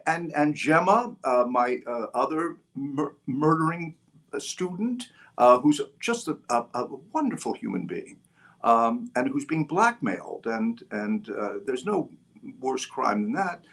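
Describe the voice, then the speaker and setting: An older man, a guest author on an interview podcast, talking in an animated storytelling way with frequent restarts and fillers. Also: medium pitch, measured pace. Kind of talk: interview conversation.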